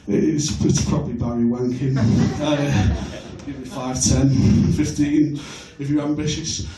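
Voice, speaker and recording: A man from Birkenhead doing a stand-up set, crude and self-mocking with a deadpan delivery. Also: mid-range voice, measured pace, hardly any pauses, a crowd in the background. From Birkenhead, England. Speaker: stand-up comedian. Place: comedy club stage. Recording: echoey club, recorded from far off.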